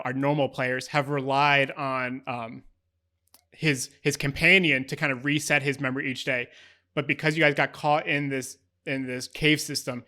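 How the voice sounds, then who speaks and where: Bright-voiced man running a tabletop game. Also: fairly high pitch. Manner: rambling, lots of fillers. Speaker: game master.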